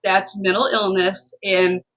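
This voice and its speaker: A woman's voice: mid-range voice, level tone, takes it slowly, pushed and bright, poor audio. A woman co-hosting a podcast, telling a story in an emphatic, profane, run-on way. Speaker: podcast co-host.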